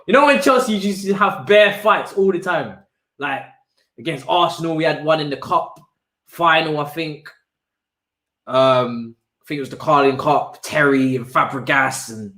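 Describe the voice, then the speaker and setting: A man's voice: a little high, fairly bright tone. A man hosting a live football watch-along, ranting in exasperated slang. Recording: roomy echo.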